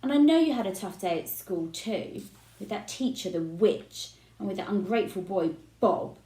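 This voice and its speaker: A short-tempered rich father who snaps out stern orders, as a woman reading a storybook puts him on. The tone is mellow and dark, and the voice rises and falls freely. It sounds like a roomy space. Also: medium pitch, animated, normal speed, lightly acted. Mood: gentle. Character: short-tempered billionaire dad. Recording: roomy echo.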